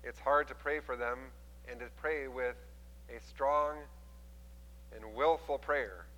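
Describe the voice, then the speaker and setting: Bright-voiced man preaching in a hall. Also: medium pitch, slow. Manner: animated storytelling, acting out quoted voices. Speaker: pastor. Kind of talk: sermon.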